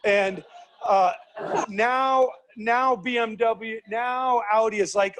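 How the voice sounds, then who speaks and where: High, animated man speaking to a group. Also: slow pace. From United States. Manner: animated, acts out quoted voices, asks the audience questions. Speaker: speaker teaching leadership. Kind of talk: lively seminar talk to a group.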